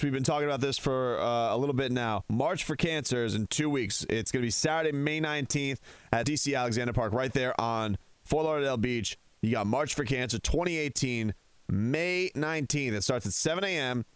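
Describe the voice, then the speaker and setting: A man's voice: mid-range voice, smooth, no echo. A man hosting a sports talk radio show from a studio, ranting with heated sarcasm.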